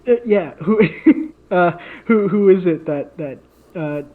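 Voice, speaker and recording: Man, fairly high voice, casual podcast chat, rambling, tinny phone-like sound. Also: slow. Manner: rambling, many fillers and restarts. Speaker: podcast co-host. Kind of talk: casual chat, improvised story.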